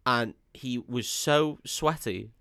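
A man's voice: mid-range voice, slow, bright, forceful tone, dry recording, studio quality. A man, co-hosting a podcast and recapping a film in casual, sweary chat, laughing often and putting on drawls for quotes.

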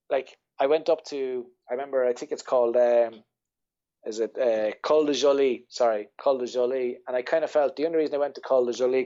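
Irish guy on a podcast, rambling and swearing through a story, mid pitch, kinda dull lo-fi audio. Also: mellow. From Ireland. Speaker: podcast guest, ultra-runner. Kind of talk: casual storytelling interview.

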